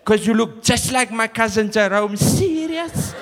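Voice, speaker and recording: A man voicing a brash, nosy fast-food cashier with a Cape Flats accent, speaking high and sing-song, performed live on stage. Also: a little hiss or hum, exaggerated voice. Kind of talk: stand-up comedy character. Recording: live theatre with long reverb and audience.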